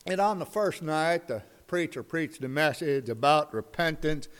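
A man's voice: fairly high pitch, animated, normal speed, smooth. A male pastor preaching a sermon with folksy, humorous storytelling.

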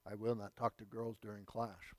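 A man's voice: fairly low pitch, flat delivery, normal speed, no echo, pitched below the performer's own voice, lightly acted. A man voicing a strict male schoolteacher with an Indian accent, giving clipped commands in broken English. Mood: stern. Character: stern male schoolteacher scolding a student.

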